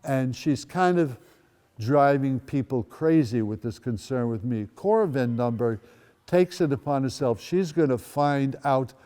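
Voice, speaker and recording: An elderly man in his eighties tells his own life story to a school audience, his voice warm and relaxed. He slips in wry, dry humor between plain recollections. Long reverb trails each phrase as it rings through a large hall. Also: medium pitch, measured pace. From Netherlands. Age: 80s. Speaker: guest speaker. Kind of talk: personal storytelling talk. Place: school event space.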